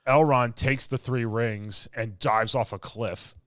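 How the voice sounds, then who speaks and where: A man's voice: mid-range voice, fairly even intonation, takes it slowly, fairly bright tone, no room sound, studio quality. A man co-hosting a podcast, ranting in casual chat with mocking mimicry and blunt complaints. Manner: ranting, exasperated, mocking quotes. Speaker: podcast co-host.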